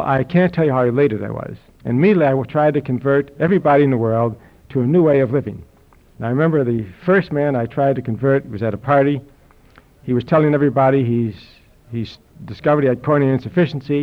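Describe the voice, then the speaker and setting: An older man recounts a personal story in a dry, wry tone, with a voice of middling pitch for a man. The recording is dull and lo-fi. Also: fast. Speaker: speaker telling his health story. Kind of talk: anecdotal talk to an audience. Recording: dull lo-fi recording with audience laughter.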